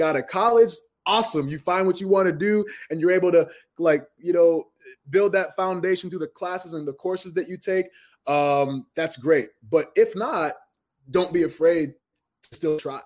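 A man's voice: fairly high pitch, darkish tone. A man in his thirties from Massachusetts telling stories as an interview guest, earnest and full of restarts. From Massachusetts, USA. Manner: earnest, storytelling, many restarts. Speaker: guest, pro wrestler. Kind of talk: casual interview talk.

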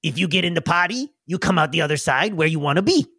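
A man's voice: a little high, lively intonation, sharp tone, slightly rough, no room sound, clean studio sound, heavily acted. A man doing Spag, a proud goblin. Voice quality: slow broken grammar. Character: proud know-it-all male goblin.

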